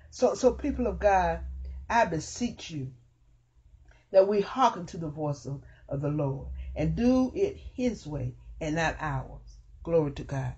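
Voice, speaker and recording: A woman's voice: deep voice, lively intonation, measured pace, warm tone, breathy edge, lo-fi sound. A woman pastor preaching a fervent radio sermon, repeating praise phrases between points.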